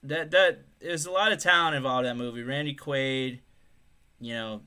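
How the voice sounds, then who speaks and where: A man's voice: normal speed, clear, resonant tone. A man co-hosting a casual podcast, swearing freely and joking with his co-host. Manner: profane, jokey, slips into loud high mock voices.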